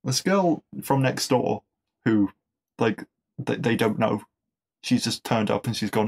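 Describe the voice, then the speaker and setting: A man's voice: mid-range voice, unhurried, creaky, long pauses, breathy edge. A man hosting a podcast, chatting casually and enthusiastically, with lots of fillers and restarts, and laughing at his own jokes. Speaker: podcast host. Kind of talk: casual episode review.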